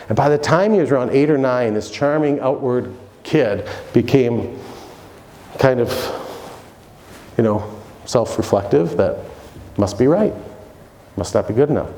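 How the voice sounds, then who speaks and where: A man's voice: moderate pace, pauses often, a little hiss or hum. Keynote speaker, middle-aged man, storytelling energy, voice ringing through a reverberant room. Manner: animated storyteller, swings between loud highs and low asides. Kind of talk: motivational keynote talk. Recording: echoey hall, long reverb.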